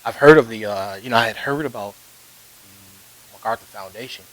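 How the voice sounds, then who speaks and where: A man's voice: normal speed, rough recording. A man being interviewed, telling a long story in a casual, rambling way with many fillers and chuckles. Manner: rambling anecdotes with frequent fillers and laughs. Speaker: interview guest, ragtime pianist. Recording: faint hiss, low-fi video.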